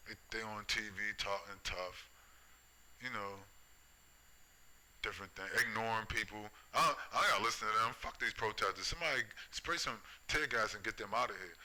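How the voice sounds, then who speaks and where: A middle-aged man delivers a preachy, profane rant with a low but cutting, sharp-edged voice. He circles back to the same phrases and keeps pressing the listener with tag questions. The talk is loose and unscripted. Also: moderate pace, rough recording. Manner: profane, repetitive, keeps asking "right?" and "you see?". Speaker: vlogger. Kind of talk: preachy ranting monologue.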